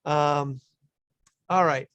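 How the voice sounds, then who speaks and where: A man's voice: a little high, fairly even intonation, extremely slow, fairly bright tone, clear, resonant tone, no room sound, muffled recording. A man co-hosting a local radio show, chatting casually and rambling with plenty of fillers and restarts. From Illinois, USA.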